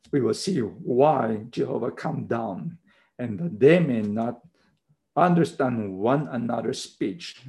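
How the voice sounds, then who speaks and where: Guy preaching slow, gravelly dark voice, non-native english, keeps saying okay. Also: mid-range voice, rough recording. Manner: slow, emphatic Bible teaching with repeated "okay". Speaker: pastor. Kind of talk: sermon.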